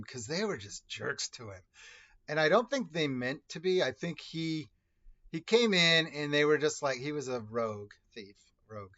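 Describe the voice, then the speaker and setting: Brief: a man in a casual story vlog, mid-pitched and rambling, full of self-corrections, on a dull lo-fi recording. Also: normal speed, fairly bright tone. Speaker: video host telling personal stories.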